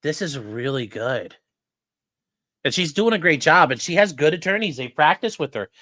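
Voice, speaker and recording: A man's voice: on the high side, expressive, normal speed, bright, forceful tone, no echo, clean studio sound. A man giving casual, profane live-stream commentary on a trial as a defense attorney, chatting with his viewers. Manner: profane, chatty, talks to chat and his dog.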